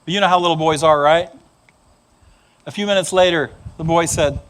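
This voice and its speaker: A middle-aged male pastor giving a sermon, an animated storyteller who acts out the voices in his stories. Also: a little high, moderate pace, pauses often, smooth.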